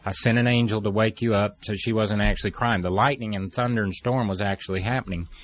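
A middle-aged man telling an earnest personal story, with halting restarts and pauses. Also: fairly low pitch, fairly even intonation. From United States. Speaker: speaker telling a personal testimony.

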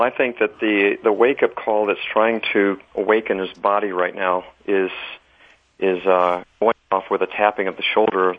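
A man speaking as a guest on a religious talk program, earnest and measured, restarting his sentences. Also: fairly low pitch, narrow, tinny audio. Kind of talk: religious talk show conversation.

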